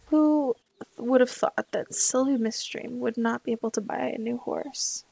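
Unhurried and fairly high-pitched, a young woman speaks with a gravelly, dark tone and no room sound. She's a gaming YouTuber chatting casually during a let's-play, rambling, wavering over choices and talking to herself.

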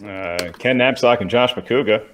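A man's voice: on the low side, measured pace, fairly bright tone, slight background noise. A man co-hosting a trivia match, reading questions and teasing the other host with wry jokes. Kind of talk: joking banter and question reading.

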